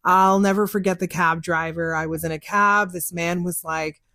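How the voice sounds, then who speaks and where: A young woman talks in a casual, candid way about her work as a psychic, often laughing and acting out what people told her. Her voice sits on the low side for a woman, and the recording is close and dry, with no room sound. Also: steady tone, moderate pace, pushed and bright, dry recording. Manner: chatty, candid, laughs often, acts out conversations. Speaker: psychic podcast host. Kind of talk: casual chat answering listener questions. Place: car.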